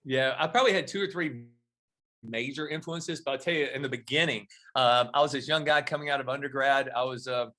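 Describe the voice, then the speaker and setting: A middle-aged man, a podcast guest, telling stories in a lively way and acting out the dialogue. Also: mid-range voice, a little fast. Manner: storytelling, animated when acting out dialogue. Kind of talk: podcast interview.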